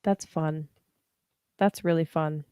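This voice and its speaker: A woman's voice: deep voice, fairly even intonation, slow, dark tone, clear, resonant tone, dry recording, studio quality. A young woman hosting a live tarot reading, chatting casually with viewers in a slangy, laughing manner. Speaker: tarot reader livestream host.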